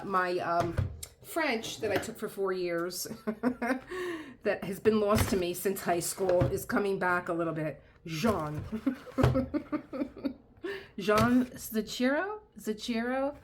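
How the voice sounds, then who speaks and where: A middle-aged woman hosting her own craft channel, chatting excitedly through an unboxing, trailing off mid-sentence and dropping to a whisper in awe. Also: mid-range voice, slow, pauses often, background noise. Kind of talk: casual unboxing chat.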